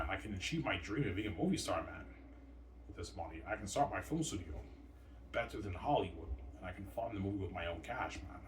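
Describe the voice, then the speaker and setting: Deep-voiced man rambling in a roomy space. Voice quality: repetitive, trails off with "man". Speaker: vlogger. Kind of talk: rambling monologue. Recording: roomy, distant from mic, faint noise.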